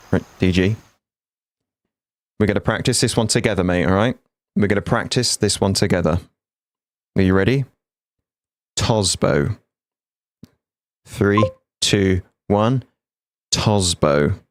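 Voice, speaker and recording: A man's voice: low-pitched, a little hiss or hum. A man, chatting bluntly and swearing freely with viewers while he streams a game. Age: 40s. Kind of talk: casual live-stream chat.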